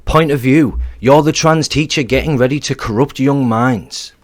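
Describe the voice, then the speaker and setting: A man's voice: medium pitch, moderate pace, few pauses. A man giving a heated, blunt reaction commentary, swearing and repeating himself as he rants.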